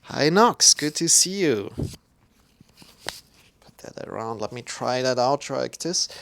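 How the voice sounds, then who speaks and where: A man teaching a live-streamed yoga class. He greets viewers by name and answers their chat comments in an unhurried way. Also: medium pitch, lively intonation, creaky, fairly bright tone. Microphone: streaming microphone.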